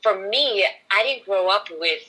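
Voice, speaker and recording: A woman's voice: mid-range voice, lively intonation, measured pace, pushed and bright, low-quality recording. A woman who works in voiceover, chatting eagerly as a podcast guest, full of "like" and "you know". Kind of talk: casual conversation.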